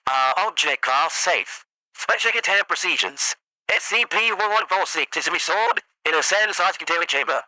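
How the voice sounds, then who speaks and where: A man's voice: sits high, animated, moderate pace, pushed and bright, no echo, full character voice, poor audio. A man voicing a showy male demon who speaks like an old radio host, with a radio-like filter on the voice. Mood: theatrical.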